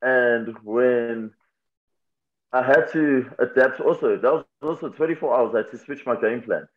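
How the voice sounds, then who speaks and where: A man's voice: medium pitch, measured pace. A man, a fighter talking candidly and reflectively in an interview, laughing easily. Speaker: MMA fighter, guest. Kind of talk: casual interview talk. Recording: tinny phone-like line.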